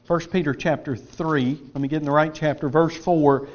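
A middle-aged man delivers an earnest sermon in a fairly high voice, pressing his points with shifts in loudness and pace. The recording sounds dull and lo-fi. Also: steady tone, normal speed. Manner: earnest, emphatic preaching with varied loudness and pace. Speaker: preacher.

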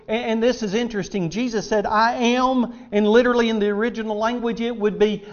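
A man's voice: extremely high pitch, steady tone, normal speed, few pauses, lo-fi sound. A man preaching a sermon in an auditorium, emphatic, repeating words for stress as he quotes scripture.

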